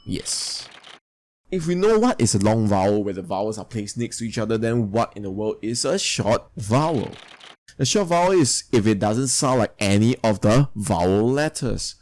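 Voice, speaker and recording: A man's voice: mid-range voice, very animated, moderate pace, darkish tone. A man teaching a recorded lesson, explaining steadily and spelling out examples. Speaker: English teacher.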